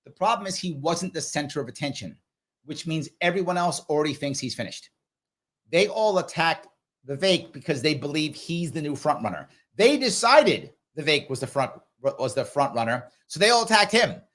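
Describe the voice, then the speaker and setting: Animated man hosting a live political Q&A. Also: fairly high pitch. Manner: animated, talks straight to viewers, acts out others in quick voices. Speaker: political commentator and livestream host. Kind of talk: live Q&A commentary.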